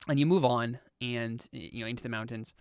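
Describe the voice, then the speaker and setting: A man's voice: mid-range voice, fairly even intonation, slight background noise. A man running a tabletop game as game master, talking casually with many restarts. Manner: casual, halting with restarts and fillers.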